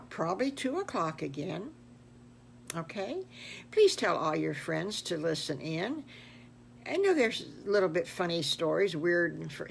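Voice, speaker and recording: Gravelly grandmother telling a story. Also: fairly low pitch, slight background noise. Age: older. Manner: rambling, self-correcting. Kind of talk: improvised children's storytelling.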